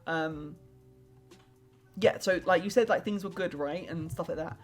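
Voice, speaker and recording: Chatty woman streamer, low-pitched voice. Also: measured pace, faint music behind. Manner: rambling, heavy use of "like" and restarts; warm and affectionate toward viewers. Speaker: streamer doing tarot readings. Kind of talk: casual live-stream chat.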